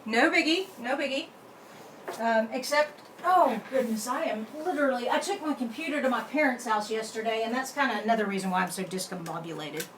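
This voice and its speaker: A woman's voice: on the high side, brisk. Chatty woman in an echoey room. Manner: chatty, talks to herself while working the computer. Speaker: card-making channel host. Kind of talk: casual live stream chat. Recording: echoey room with faint background noise.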